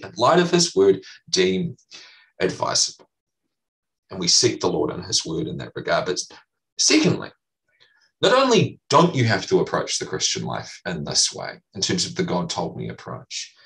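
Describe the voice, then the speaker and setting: A man's voice: mid-range voice, fairly bright tone, distant mic, low-quality recording. A man preaching a sermon as pastor, teaching earnestly and emphatically, repeating key phrases.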